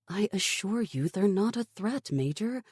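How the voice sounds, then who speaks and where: Defiant woman scientist, read by the narrator for an audiobook; insistent, pleading, lively husky delivery. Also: mid-range voice, measured pace, no room sound, studio quality, voice pushed up. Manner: insistent, pleading, rising to anger. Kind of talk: audiobook character voice.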